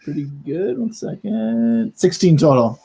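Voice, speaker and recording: A man's voice: high voice, very animated, unhurried, gravelly, background noise. Rambling male tabletop player. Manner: rambling, full of "like" fillers. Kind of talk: casual tabletop play.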